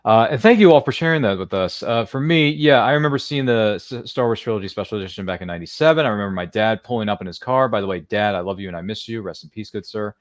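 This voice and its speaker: A man in his thirties from Maryland hosting a casual watchalong live stream, excitable and exclamatory with playful asides. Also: fairly low pitch, fast, few pauses, no echo, studio quality. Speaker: livestream watchalong host. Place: home studio.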